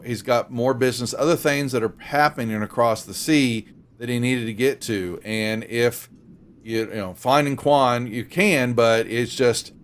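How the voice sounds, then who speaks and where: A man's voice: mid-range voice, unhurried, slight background noise. A man narrating as game master, rambling with many fillers and restarts.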